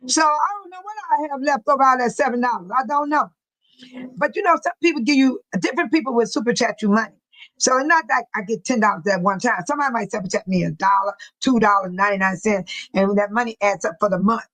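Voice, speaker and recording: A woman's voice: fairly high pitch, fast talker, fairly bright tone, dry recording, low-quality recording. An older woman from the Chicago area hosting a casual livestream, chatty and laughing often as she reads viewer comments aloud. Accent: Chicago-area American English. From United States. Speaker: livestream host.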